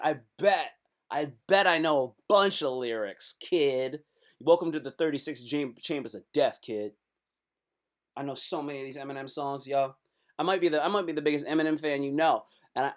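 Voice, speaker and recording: A man hosting a comedic live stream, rambling through jokes, swearing freely and breaking into freestyle rap. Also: a little high.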